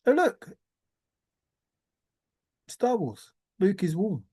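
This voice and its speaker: A man's voice: high-pitched, very animated, very slow, mellow, husky. A man rambling in a teasing, giggly solo monologue, often laughing and repeating words. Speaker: treasure-hunt video maker.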